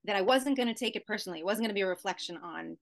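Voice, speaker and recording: A woman's voice: medium pitch, very fast, vocal fry, slight background noise. A middle-aged woman, a guest actress, telling a story in a casual podcast chat and acting out the voices of others. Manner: animated, storytelling, acts out quoted voices.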